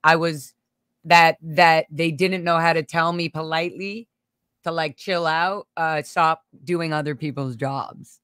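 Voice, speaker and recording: A woman hosting a casual conversational chat, talking animatedly in quick bursts with frequent restarts and some swearing. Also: low-pitched, fairly even intonation, fairly bright tone, clear, resonant tone, no room sound, studio quality. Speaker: podcast host.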